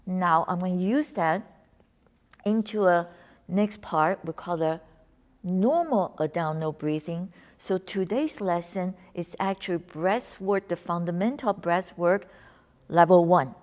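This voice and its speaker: Woman coaching a breathing lesson. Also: mid-range voice. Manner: coaching, encouraging, slips into soft whispers on cues. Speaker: wellness instructor.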